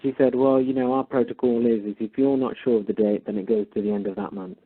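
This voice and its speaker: A man retelling a phone call, acting out both sides of the dialogue with animated emphasis. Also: medium pitch, fast, husky. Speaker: caller.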